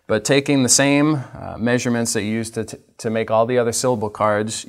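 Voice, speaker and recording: A man teaching a literacy training session, patiently demonstrating each step for teachers. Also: medium pitch. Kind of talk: instructional training talk.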